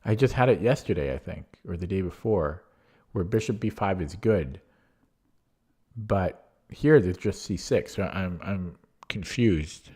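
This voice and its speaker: A man's voice: deep voice, expressive, a little slow, a little mellow, slightly rough. A man commentating his own online chess games casually, thinking aloud with many fillers and restarts, his voice getting worn out. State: losing his voice. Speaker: chess streamer.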